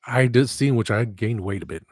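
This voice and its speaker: Husky guy rambling on his livestream, dry close sound, keeps going off on tangents. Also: mid-range voice, brisk, a little mellow, dry recording. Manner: rambling, digressive, self-deprecating. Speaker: livestream host. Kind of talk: casual livestream chat.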